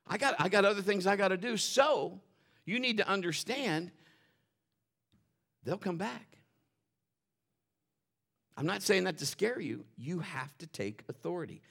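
A man's voice: high-pitched, a little slow, vocal fry, long pauses. A male pastor preaching a sermon to a congregation in church, telling stories and often repeating words as he restarts. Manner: animated preaching with storytelling asides. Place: church service before a congregation.

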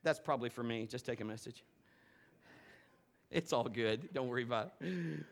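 A man preaching a sermon at a church service, animated and playful, moving between loud exhortation and quiet asides. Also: medium pitch, moderate pace, creaky.

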